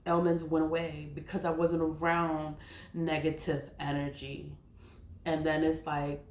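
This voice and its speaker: A woman in her forties in a casual spoken monologue, emphatic and animated, laughing often and swearing. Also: deep voice, echoey room. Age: 40s. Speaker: spiritual content creator.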